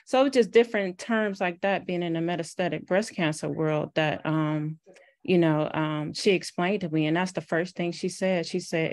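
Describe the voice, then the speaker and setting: A woman's voice: on the low side, normal speed. A woman guest on a panel, sharing her own patient experience expressively. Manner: expressive, acts out quotes. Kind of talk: personal storytelling on a panel.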